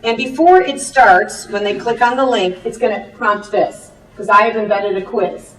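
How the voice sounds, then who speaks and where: A woman teacher giving a chatty presentation with quick asides. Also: mid-range voice, a bit bright. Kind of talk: classroom presentation. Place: presentation room. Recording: echoey room, far from the mic.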